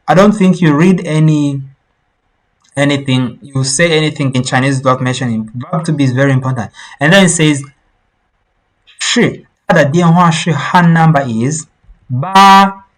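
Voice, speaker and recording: Teacher voice, unhurried, mid-pitched, repeats each word for learners to copy. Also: rough recording. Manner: explains slowly, repeats words for learners. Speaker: Mandarin teacher. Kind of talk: online language lesson.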